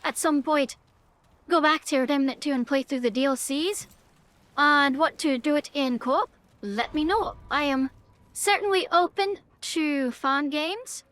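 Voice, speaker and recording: A woman's voice: high-pitched, measured pace, fairly bright tone. A woman with a Northern Irish accent, chatting and swearing casually while streaming a game live. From Northern Ireland. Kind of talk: live gameplay commentary.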